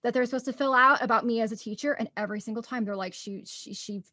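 A woman's voice: a little high, very fast, sharp tone, dry recording, studio quality. A young woman telling stories in a casual chat, bubbly and laughing often.

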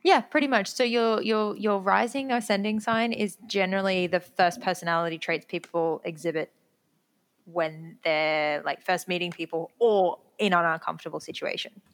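A young adult woman chatting casually, telling work stories quickly and acting out the quotes with lively energy. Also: lowish voice. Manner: quick, animated storytelling, acts out quotes. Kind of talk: casual chat.

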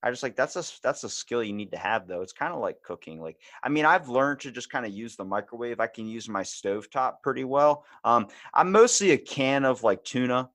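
A man's voice: fairly quick, hardly any pauses, no echo. A man with a Baltimore accent hosting a podcast, telling stories and acting out quotes with big jumps in his voice. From Baltimore, USA. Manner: animated storyteller, acts out quotes with big pitch jumps. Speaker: podcast host. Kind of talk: casual podcast chat.

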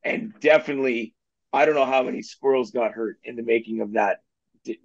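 A man's voice: mid-range voice, fairly quick, gravelly. A man with a mid-range voice co-hosting a casual real estate podcast. He tells loose, self-deprecating stories and laughs at his own mistakes. His recording sounds slightly dull and muffled, lacking some top end. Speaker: mortgage agent and podcast co-host.

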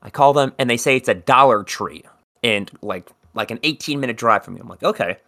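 A man's voice: medium pitch, fairly quick, sharp tone. A man from South Jersey co-hosting a podcast, telling a long rambling story in casual chat and swearing freely. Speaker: podcast co-host.

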